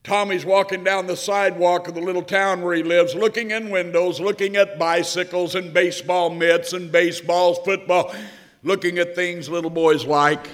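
A man's voice: sits high, fairly bright tone. A man preaching a sermon, telling a story with feeling and building to passionate appeals. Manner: emotional storytelling that builds to passionate preaching, briefly sings a hymn.

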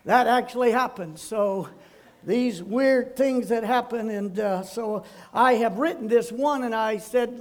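A man's voice: very high voice, measured pace. An older man, a pastor, giving a folksy sermon full of homespun, rambling anecdotes.

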